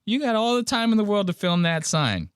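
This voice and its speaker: A man's voice: high voice, big pitch swings, fairly quick, clean tone, no room sound, studio quality. A man hosting a podcast, mocking a video clip in casual profane chat. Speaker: podcast host.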